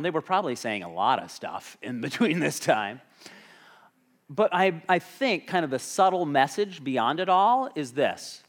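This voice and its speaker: A man's voice: fairly high pitch, very animated, a little slow, a bit bright. A man preaching a sermon as a pastor, talking conversationally and asking the congregation questions.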